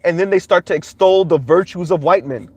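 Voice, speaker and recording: A man's voice: high voice, brisk, slightly rough. A man giving casual livestream commentary, rambling along with frequent "um" fillers.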